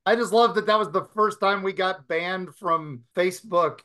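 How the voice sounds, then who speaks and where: A man's voice: high voice, very animated, slow, sharp tone. A man co-hosting a paranormal podcast, joking and laughing in casual group chat. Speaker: podcast host.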